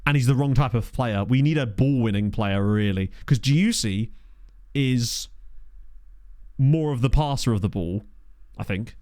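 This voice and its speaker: A man's voice: mid-range voice, unhurried, a little mellow, dry recording, studio quality. A young man giving chatty, jokey commentary while playing a game and thinking aloud. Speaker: gaming commentator. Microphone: studio desk mic.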